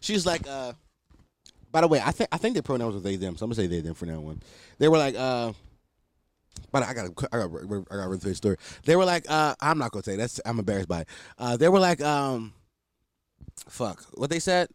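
A man's voice: mid-range voice, very animated, fairly quick, no room sound. A young man hosting a solo podcast, rambling casually with lots of swearing and self-deprecating asides. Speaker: podcast host.

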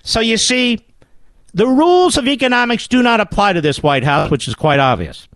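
A man's voice: extremely high pitch, very animated, moderate pace, fairly bright tone, no echo, studio quality. A man hosting a political talk radio show, delivering a combative and sarcastic monologue.

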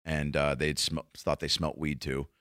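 A man's voice: very deep voice, level tone, normal speed, a bit bright, clean tone, no room sound, studio quality. A man, a comedian, rambling through a profane, casual monologue full of restarts.

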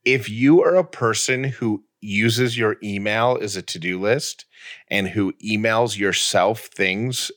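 A man's voice: on the low side, slow, a bit bright. A man co-hosting a casual chat podcast, talking in a dry, joking way. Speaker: podcast co-host.

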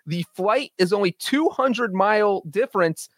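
A man's voice: high voice, measured pace, a bit bright, dry recording, studio quality. A man co-hosting a sports betting podcast, talking in a confident, joking way. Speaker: podcast co-host. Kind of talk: casual sports betting chat.

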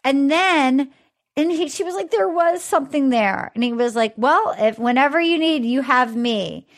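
A woman hosting a casual podcast recap, animated and acting out quotes in exaggerated voices. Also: high-pitched, normal speed. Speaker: podcast host.

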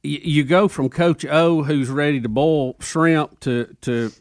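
A man's voice: a little high, fairly even intonation, slow pace, dry recording, studio quality. Opinionated Southern radio co-host, a man. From Alabama. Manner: loose, opinionated, joking. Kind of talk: casual talk radio banter.

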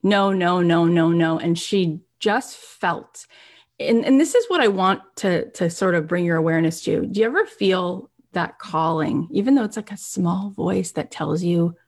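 A middle-aged woman with a fairly low voice tells an inspiring story. She speaks earnestly and slips into the other people's voices as she tells it. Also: lively intonation, moderate pace. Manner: earnest, acts out quoted voices. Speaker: motivational speaker. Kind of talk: motivational storytelling.

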